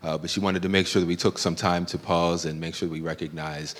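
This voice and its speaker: A man's voice: deep voice, level tone, quick pace, fairly bright tone. A man from a legislator's office presenting a formal recognition at a public meeting, with many filler uhs. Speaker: legislative staff representative. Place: public board meeting hall. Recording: long reverb of a meeting hall.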